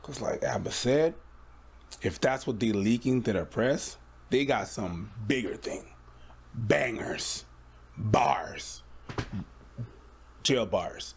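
A man's voice: mid-range voice, animated, takes it slowly, creaky, pauses often, husky. A man co-hosting a casual reaction show, rambling in slang.

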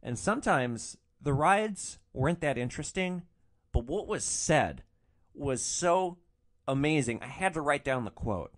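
A man's voice: a little high, measured pace. A young man hosting a podcast, telling rideshare stories casually and acting out quoted passengers. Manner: animated, acts out quoted passengers. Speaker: podcast host. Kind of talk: casual storytelling.

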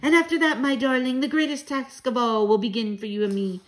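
Here a woman reads aloud in the role of a spirited, fierce grandmother witch-hunter, emphatic and commanding in a fervent mood. Her pace is brisk, and her fairly high voice is raised above her natural pitch while staying close to everyday speech.

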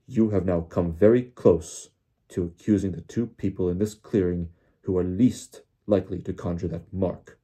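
A man's voice: low-pitched, normal speed, warm tone, slightly rough. A man voicing a cold, stern senior ministry official with clipped, icy anger. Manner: clipped, icily angry.

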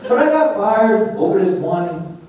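A man's voice: high-pitched, big pitch swings, measured pace, mellow, lo-fi sound. A man doing a crude, self-deprecating stand-up set in a comedy club, slipping into silly voices. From New Jersey. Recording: echoey club heard from a distance.

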